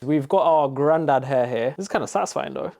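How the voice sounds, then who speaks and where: A man's voice: medium pitch, a little fast, creaky, darkish tone. A young man, chatting casually and cracking jokes while he bakes in a kitchen. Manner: jokey, rambling asides. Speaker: baking vlogger. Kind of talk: casual cooking vlog.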